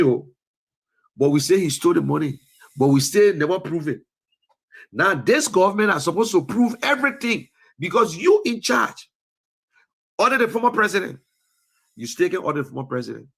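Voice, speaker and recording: A US-based man speaking Liberian English delivers an impassioned political talk show monologue, preachy in tone and rising to scolding peaks. His voice is on the high side, gravelly and slightly rough.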